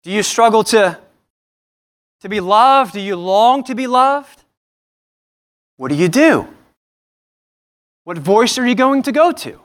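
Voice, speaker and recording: A man's voice: very high voice, unhurried, fairly bright tone. A pastor preaching a sermon, earnest, asking his listeners many questions and often repeating and restarting phrases. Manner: earnest, asks the congregation many rhetorical questions.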